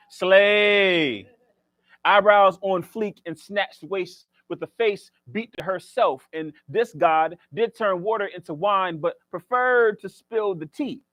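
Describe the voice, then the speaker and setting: A man's voice: high voice, fairly bright tone, no echo. A man performs spoken word poetry as the featured poet at a library reading, with a rhythmic, preacher-like cadence and joking banter between poems.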